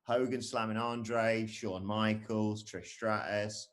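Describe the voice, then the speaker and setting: A man's voice: on the low side, little pitch movement, a little slow, hardly any pauses. Chatty man reading fan comments. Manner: reads viewer comments aloud, jokey and rambling. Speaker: live stream co-host. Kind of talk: casual live stream chat.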